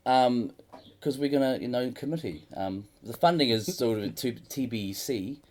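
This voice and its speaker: Animated rambling male podcast host. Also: medium pitch, moderate pace. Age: adult with a daughter. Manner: rambling storyteller, acts out other people with sound effects. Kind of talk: casual comedic chat.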